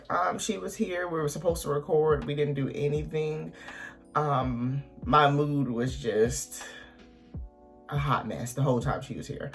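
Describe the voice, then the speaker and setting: A woman in her thirties talking haltingly to camera at home in a confessional vlog, close to tears, full of ums and pauses. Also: low voice, a bit bright. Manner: hesitant, halting, many ums, emotional. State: on the verge of tears. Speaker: vlogger.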